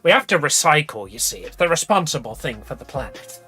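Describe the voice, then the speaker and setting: A woman's voice: deep voice, very animated, fairly quick, pushed and bright, full character voice. A woman voicing a flustered, overly polite older male mayor who keeps apologizing. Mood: apologetic. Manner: fussy, apologetic, hospitable.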